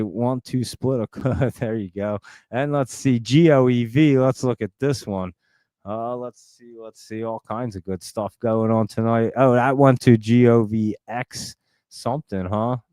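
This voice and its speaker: A man hosting a live stock-market stream, talking very fast in a chatty, rambling way and laughing often. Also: mid-range voice, warm tone, clear, resonant tone, dry recording. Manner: talks extremely fast and nonstop. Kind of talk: casual live-stream chat.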